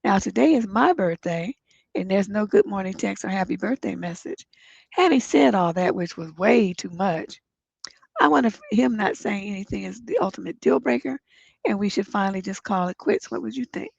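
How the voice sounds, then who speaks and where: A woman's voice: medium pitch, expressive, normal speed, vocal fry, darkish tone, breathy edge, dry recording. A middle-aged woman hosting a relationship advice livestream, sounding congested, who reads viewer letters aloud and then gives blunt, profane advice. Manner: blunt, profane, gets emphatic when giving advice. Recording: dull lo-fi stream audio.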